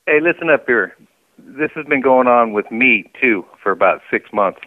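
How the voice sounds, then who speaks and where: A man on a tinny phone line, calm and defensive. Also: mid-range voice, moderate pace, no room sound.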